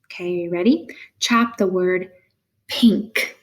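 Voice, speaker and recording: Slow, encouraging woman teaching phonics. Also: fairly low pitch. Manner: slow, clear, encouraging prompts with pauses for answers. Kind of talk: phonics lesson for young learners.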